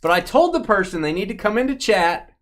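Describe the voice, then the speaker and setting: A man's voice: sits high, fairly quick. A man hosting a live card-opening stream, joking and bantering casually with the people in the room and the chat. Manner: playful, joking banter with lively swings.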